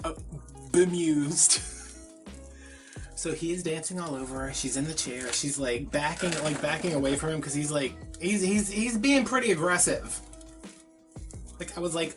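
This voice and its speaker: A man's voice: fairly high pitch, normal speed, long pauses, faint music behind. A man, telling a gossipy story in a casual, chatty way while he crafts. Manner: chatty, gossipy, heavy use of filler words. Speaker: crafting vlogger.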